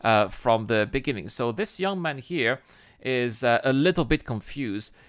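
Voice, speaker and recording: A man hosting a livestream, chatting casually with viewers and reading out their comments in an excitable way, often restarting his sentences. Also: medium pitch, unhurried, clean tone, no echo, studio quality. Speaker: livestream host.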